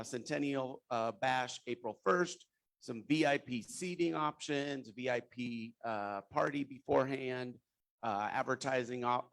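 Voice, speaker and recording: A man's voice: medium pitch, creaky. A man giving informal sponsorship announcements at a club meeting, rambling and losing his place now and then. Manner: rambling, loses his train of thought. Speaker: club member presenting sponsorships.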